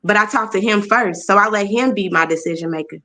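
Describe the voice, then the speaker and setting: A woman's voice: medium pitch, fairly quick, bright, forceful tone, a little hiss or hum. A woman in a casual religious discussion, speaking earnestly and reflectively, often saying "you know what I'm saying". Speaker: discussion participant.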